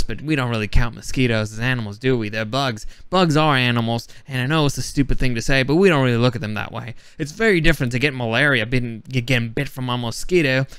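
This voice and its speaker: A playful, rambling wildlife presenter with a put-on Australian accent, as a man hams up the voice for his vlog. The voice is smooth and clear at a middling pitch. The sound is dry and close. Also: a bit bright, dry recording, lightly acted.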